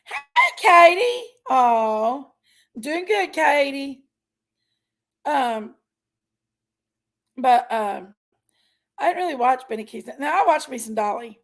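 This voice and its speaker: A woman's voice: sits high, expressive, slow, long pauses. A woman hosting a casual livestream, chatting in a folksy way and greeting viewers by name. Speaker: livestream host.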